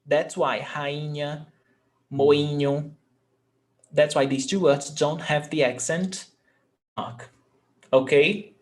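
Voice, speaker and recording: Male language tutor, unhurried and patient, walks through grammar rules and checks in often. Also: on the high side, steady tone. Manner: patient, explains rules step by step and checks understanding. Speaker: Portuguese teacher. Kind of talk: online language lesson.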